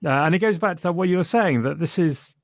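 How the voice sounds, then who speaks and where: A man's voice: fairly high pitch, animated, a little fast, dry recording, clean studio sound. A man discussing a film with enthusiasm, retelling funny scenes and chuckling as he goes. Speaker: film reviewer.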